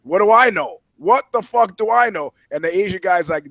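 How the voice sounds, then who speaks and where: Guy riffing crude stories on a podcast, kinda high voice, dry dull sound. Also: moderate pace, gravelly, no room sound. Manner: animated, swearing, acts out voices in anecdotes. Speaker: podcast co-host. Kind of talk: profane comedic storytelling.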